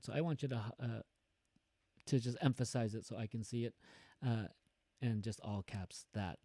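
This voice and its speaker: A man's voice: mid-range voice, mellow, dry recording. A man teaching a class, explaining an assignment in a casual, rambling way, often correcting himself mid-sentence. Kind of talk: recorded assignment instructions.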